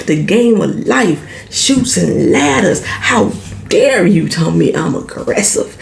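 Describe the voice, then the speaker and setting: An animated woman talks through a TV episode in a loose, salty vlog. She swears freely and slips into the characters' lines as she goes. Her pitch swings widely and her voice is heavy with gravelly fry. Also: takes it slowly, a little hiss or hum. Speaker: TV show recap vlogger. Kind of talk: casual show recap.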